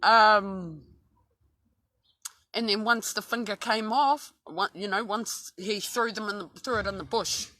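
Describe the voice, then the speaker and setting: A woman's voice: medium pitch, measured pace, bright, forceful tone, dry recording. An Australian woman telling a story casually, swearing constantly and restarting her sentences often. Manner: heavy swearing, rambling with many restarts. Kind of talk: casual true-crime storytelling.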